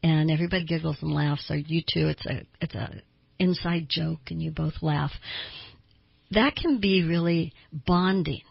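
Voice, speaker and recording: A woman's voice: deep voice, steady tone, normal speed, vocal fry, slightly rough, dry recording, dull audio. A woman therapist hosting a radio talk show, explaining things earnestly with small laughs.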